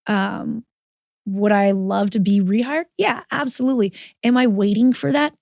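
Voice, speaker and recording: A woman speaks as a podcast guest, telling a personal story frankly and with some swearing. She animatedly quotes her own thoughts as she tells it. Her voice sits at a middle pitch, and the sound is close and dry. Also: moderate pace, creaky, dry recording. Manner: frank and profane, animated retelling with quoted inner voice. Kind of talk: candid conversational storytelling.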